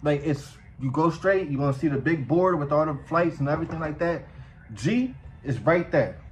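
A man vlogging casually, telling a story in a profane, animated way. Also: on the high side, moderate pace, a little hiss or hum, poor audio.

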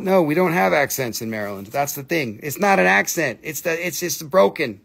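A man's voice: on the high side, expressive, normal speed, creaky, a bit bright, slightly rough. A man chatting through a live sales stream of crystals, playful and joking, slipping into put-on broken-English voices.

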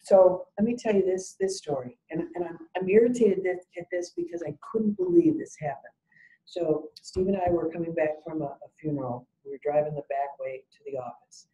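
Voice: mid-range voice, a little fast, dark tone, rough recording. A salon business educator giving an e-learning webinar talk, emphatic and fond of telling stories. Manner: emphatic, tells stories and acts out exchanges.

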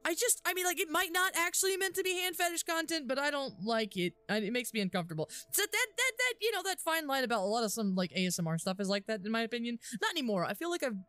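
A woman's voice: high-pitched, big pitch swings, fast, hardly any pauses, a bit bright, no room sound, faint music behind. A young woman streaming a game, chatting casually and giggling often while she thinks aloud with lots of fillers. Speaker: livestreamer. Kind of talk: casual live gameplay commentary.

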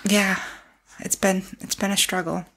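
A woman's voice: medium pitch, flat delivery, measured pace, a bit bright. A young woman co-hosting a podcast in casual chat, rambling with lots of "like". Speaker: podcast co-host.

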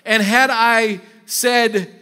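A man preaching a sermon as pastor, telling lively stories and acting out quoted voices. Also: very high-pitched, very slow, clean tone. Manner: animated storytelling, acts out quoted voices. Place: church sanctuary.

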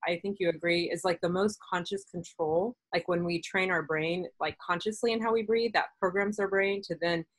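Woman host, lower voice, chatty, filler-heavy explainer, dry close sound. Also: steady tone, moderate pace, hardly any pauses, dry recording, rough recording. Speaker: podcast host, doctor. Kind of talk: casual conversational interview.

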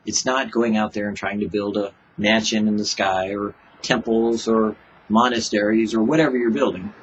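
A man's voice: lowish voice, fairly even intonation, normal speed, muffled recording, a little hiss or hum. Man giving a chatty devotional talk. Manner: conversational, acts out little dialogues with God. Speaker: preacher. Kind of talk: informal devotional sermon.

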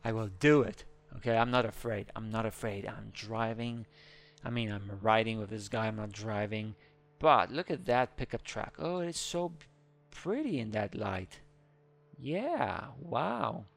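A man hosting a gaming video, chattering excitedly through live gameplay commentary with small slips in his English. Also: on the low side, unhurried, vocal fry, soft background music. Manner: excitable, narrates his own actions, squeals when scared.

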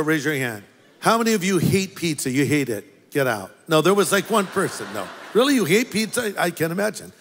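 A man's voice: high-pitched, big pitch swings, brisk, fairly bright tone. A man preaching a sermon as pastor, telling a story with playful asides to the congregation. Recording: long hall reverb.

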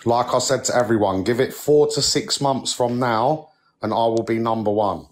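A man's voice: medium pitch, normal speed. A young man venting angrily on a live stream, swearing and leaning on "mate" and "like". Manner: heated, swearing, repeats "mate" and "like". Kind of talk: angry rant on a live stream.

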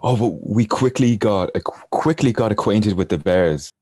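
A man's voice: fairly low pitch, a little slow, darkish tone, slightly rough, dry recording, clean studio sound. A man, a podcast guest, telling a rambling travel anecdote in casual storytelling style and chuckling as he goes.

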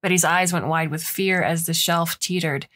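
A woman narrating a short story aloud, expressive and acting out the dialogue. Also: fairly low pitch, normal speed. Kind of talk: audiobook story reading.

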